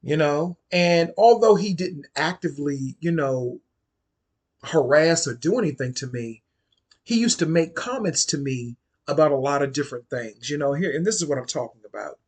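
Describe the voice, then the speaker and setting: A husky, slightly breathy man in his forties with a D.C. tells a personal story to camera. His pitch swings up and down a lot as he talks, blunt and profane, hammering points home by repeating them. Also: animated, moderate pace. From Washington, D.C. area. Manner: blunt, profane, emphatic, repeats phrases for stress. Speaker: vlogger. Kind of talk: casual storytime monologue.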